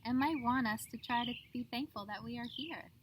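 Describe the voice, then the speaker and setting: A woman's voice: fairly high pitch, a little fast, background noise, pitched above the performer's own voice, natural voice. A woman voicing two kind, helpful little pixies in a sing-song way, with birdsong behind. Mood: gentle.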